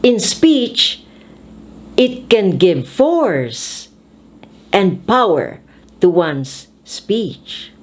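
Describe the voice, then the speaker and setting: A woman hosting an English pronunciation lesson, speaking with slow, deliberate, emphatic enunciation as a speech teacher. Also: mid-range voice, big pitch swings.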